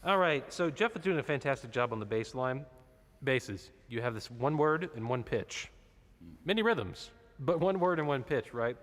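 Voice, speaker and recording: A man's voice: mid-range voice, lively intonation, moderate pace, fairly bright tone. Man coaching a choir, singing examples. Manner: explains, then sings short demonstrations. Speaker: choir director. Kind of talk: choir rehearsal instruction. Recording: reverberant room with instrument behind.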